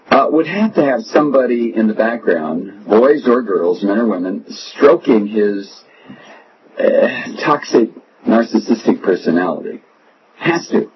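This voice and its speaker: A male radio host delivering a mocking, sarcastic, digressive monologue. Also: on the low side. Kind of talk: opinionated talk radio monologue. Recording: muffled radio broadcast with noise.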